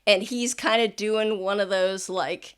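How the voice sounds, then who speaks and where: A woman narrating as game master in a casual tabletop game, relaxed and chatty with many fillers. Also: medium pitch, a little slow, clear, resonant tone.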